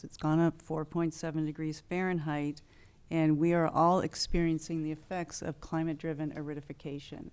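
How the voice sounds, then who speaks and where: A woman council member making a measured, earnest statement at a city council meeting. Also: deep voice, warm tone.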